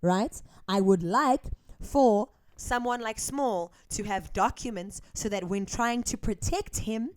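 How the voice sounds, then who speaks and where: A woman's voice: medium pitch, slow, hardly any pauses, a little mellow, no room sound. A South African woman with a South African accent, talking to the camera with emphatic, repeated checks of "okay?". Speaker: YouTube commentator. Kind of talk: direct-to-camera commentary.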